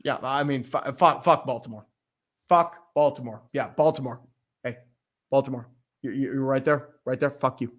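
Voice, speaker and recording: A man's voice: medium pitch, moderate pace. A man hosting a casual sports livestream, talking in a blunt, rambling, profanity-heavy way. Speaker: podcast host.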